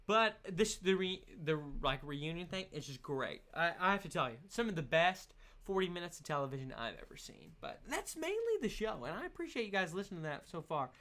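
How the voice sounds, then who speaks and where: A man's voice: on the high side, big pitch swings, fairly quick, hardly any pauses, bright, forceful tone. A young man hosting his solo podcast in a casual, rambling rant, laughing often. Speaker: podcast host.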